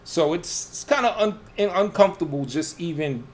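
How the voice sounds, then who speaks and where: A man's voice: fairly high pitch, lively intonation, moderate pace. A man in casual radio chat, profane and self-assured, defending himself and brushing off a rival's roast. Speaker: guest under roast.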